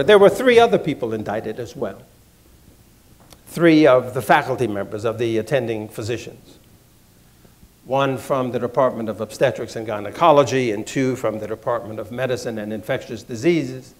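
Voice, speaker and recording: A man with a voice of ordinary middle pitch, addressing an audience about his own past. He speaks in a measured, deliberate way and builds emphasis through repeated phrases. He grew up in Washington, D.C. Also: a little mellow. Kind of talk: measured personal talk to an audience.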